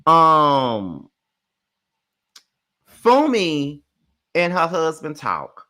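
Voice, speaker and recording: A young man hosting a casual reality show recap, telling it in an animated, sassy way full of swearing. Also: on the high side, very slow. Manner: animated, profane, sassy retelling.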